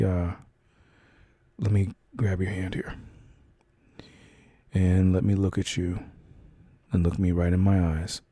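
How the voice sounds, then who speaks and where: Young guy doing a whispered role-play boyfriend thing, low gravelly voice, super slow and gentle, lots of ums. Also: dry recording. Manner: soft, slow and reassuring, with hesitant fillers.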